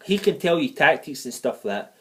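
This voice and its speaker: A man's voice: a little high, big pitch swings, a little fast, sharp tone, slightly rough. A man giving a heated, profane and digressive football review in a fan vlog. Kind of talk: ranting match review vlog. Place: living in the United States.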